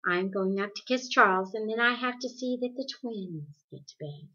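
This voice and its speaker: A woman voicing a calm, gentle middle-aged mother who speaks softly and reassuringly, in a dull lo-fi recording. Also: medium pitch, moderate pace.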